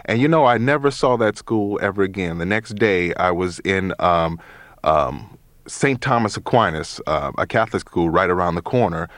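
A man in his thirties from Chicago, an actor speaking as a guest in a radio interview, thoughtful and measured, with frequent pauses and ums. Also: sits low, expressive, a bit bright, no room sound. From Chicago, USA. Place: radio studio. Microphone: studio mic.

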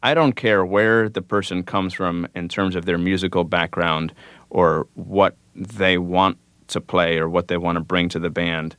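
Male musician guest, very deep and smooth, dry studio sound, unhurried and reflective. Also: fairly even intonation, fairly bright tone, no room sound. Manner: thoughtful, unhurried, with frequent fillers. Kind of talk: relaxed radio interview answers.

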